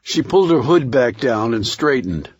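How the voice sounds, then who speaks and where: Steady male thriller narrator. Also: mid-range voice, slightly rough, dry recording, lo-fi sound. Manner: measured, steady reading. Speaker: audiobook narrator.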